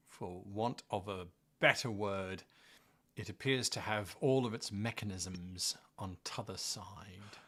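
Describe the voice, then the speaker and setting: A man's voice: mid-range voice, pushed and bright. A man running a tabletop game as game master, narrating scenes with playful drama.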